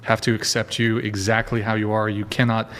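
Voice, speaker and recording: A man's voice: lowish voice, flat delivery, brisk, a bit bright, slight background noise. A man hosting a podcast chat, blunt and profane, teasing his guest. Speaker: podcast host.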